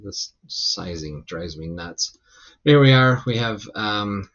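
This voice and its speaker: A man's voice: on the low side, takes it slowly, lo-fi sound. A man teaching a physics lesson in a recorded lecture, explaining loosely with lots of ums and restarts. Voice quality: gravelly when relaxed. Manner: loose, rambling explanation with many fillers.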